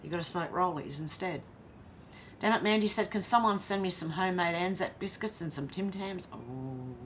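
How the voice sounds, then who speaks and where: A woman's voice: lowish voice, moderate pace, slight background noise. An Australian woman hosting a casual live stream. She reads viewer comments aloud and chats back to them.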